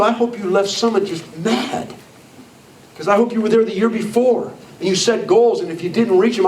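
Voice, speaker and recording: A man in his sixties gives a blunt, emphatic motivational talk to a roomful of people. His voice sits a little high for a man and carries a strong echo, and it sounds like it was picked up from far away across the room. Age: 60s. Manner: blunt, emphatic, repeating "I don't care" and "you know what?". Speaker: motivational speaker. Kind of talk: motivational speech to a live audience. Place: meeting room with an audience. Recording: echoey room, voice far from the mic.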